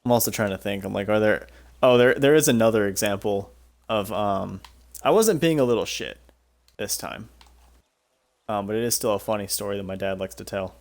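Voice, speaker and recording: A man's voice: on the low side, moderate pace. A young man streaming a game, telling stories in a rambling, profane way and laughing often. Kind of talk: casual storytelling while playing a game.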